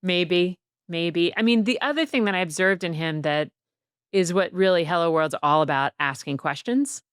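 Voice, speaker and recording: A woman's voice: fairly low pitch, moderate pace, smooth, no room sound, studio quality. A middle-aged woman, a guest author, talking reflectively in a casual interview. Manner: reflective, quotes people in lively voices.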